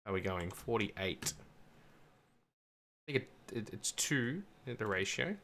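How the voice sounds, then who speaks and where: A man with a low, bright voice talks himself through a game session, step by step. He is chatty and self-mocking. Faint keyboard clicks sit behind him. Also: animated, unhurried, slight background noise. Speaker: gamer streaming a survival server. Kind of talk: casual let's-play commentary.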